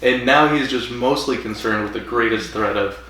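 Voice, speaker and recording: Male podcast co-host, animated recap with put-on voices, mid pitch, recorded far off in an echoey room. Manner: animated, acts out characters' lines in quick put-on voices. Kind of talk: casual chat recapping an episode. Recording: echoey room, far from mic, faint hiss.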